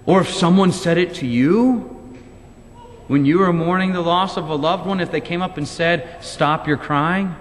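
A man's voice: high-pitched, normal speed, a little hiss or hum. A male pastor delivering a sermon in a church, pressing his point with emphatic rhetorical questions. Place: church sanctuary. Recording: long church reverb.

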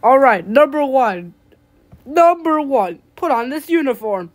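A woman's voice: high-pitched, sing-song, measured pace. Bossy giggly woman running a puppet skit. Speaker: puppeteer host.

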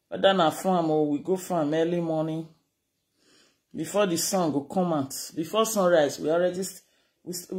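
A medium-pitched speaker with a Nigerian accent rants casually to camera. Animated and scolding, they switch between Pidgin and Yoruba.

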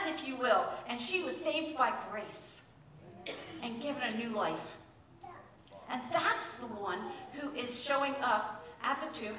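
A woman's voice: high voice, bright, forceful tone. A woman pastor giving a conversational sermon in a church, telling the story with acted-out quotes. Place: church sanctuary. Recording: echoey church room, mic at a distance.

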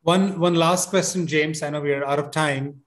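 A man with a somewhat high voice hosts a live online conversation. He speaks politely and gratefully, putting questions to his guest over a video call. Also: fairly even intonation, normal speed. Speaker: host. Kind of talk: hosting a live online talk.

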